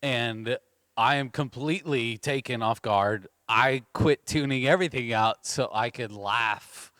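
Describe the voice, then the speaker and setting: A man's voice: mid-range voice, a little slow, fairly bright tone, no room sound, studio quality. A man hosting a podcast in casual chat, rambling and teasing with lots of fillers. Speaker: podcast host.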